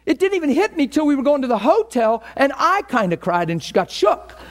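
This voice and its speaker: A man's voice: very high-pitched, sing-song, a little fast. A male pastor preaching with passion, telling stories and acting out his own inner thoughts. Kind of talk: sermon.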